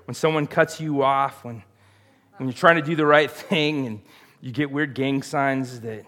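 A man's voice: mid-range voice, measured pace, fairly bright tone. A middle-aged man, preaching a sermon in a casual, conversational way and putting questions to the congregation. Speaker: pastor.

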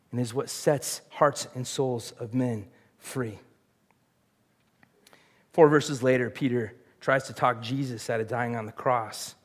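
Conversational male pastor preaching. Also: medium pitch. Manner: conversational preaching, asks the congregation questions. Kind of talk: sermon.

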